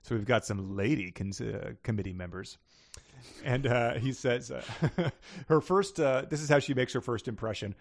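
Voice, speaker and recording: Give me a man with a mid-pitched voice co-hosting a podcast, wry and joking as he picks apart a book, chuckling often. The sound is close and dry, with no room behind it. He talks in a casual, easygoing chat. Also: moderate pace, gravelly, no echo. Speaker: podcast co-host.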